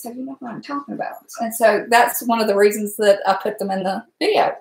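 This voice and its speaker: A chatty woman with a Southern American accent hosts a casual home cooking stream. Her voice sits high, and her talk is easygoing and quick to laugh as she greets viewers one by one. The room around her is echoey. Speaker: cooking channel host.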